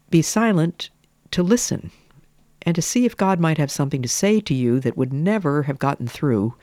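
A woman giving a slow, deliberate radio devotional talk as a Bible teacher, stressing words and sometimes dropping to a near whisper. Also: low voice, darkish tone, no room sound.

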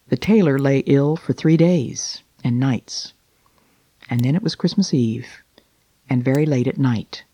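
A man reading a classic children's Christmas story aloud in a gentle, unhurried voice with dramatic slowing. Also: mid-range voice, no echo.

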